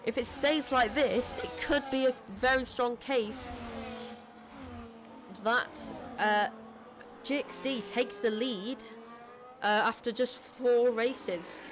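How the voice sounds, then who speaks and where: An esports racing commentator calling a live race in a chatty, self-deprecating way, quick to apologise, and losing their voice. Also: mid-range voice, background noise.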